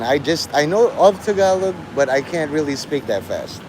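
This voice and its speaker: A man's voice: fairly high pitch, fairly quick, few pauses, a little mellow, a little hiss or hum, low-quality recording. Rambling, profane male livestreamer. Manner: rambling, profane, jumps between topics. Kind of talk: rambling live-stream monologue.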